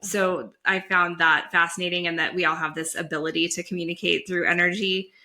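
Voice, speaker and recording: A woman's voice: on the low side, fairly even intonation, fairly quick, pushed and bright. A woman co-hosting a podcast, asking questions in an enthusiastic, gushing way with many fillers. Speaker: podcast co-host. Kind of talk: casual interview chat.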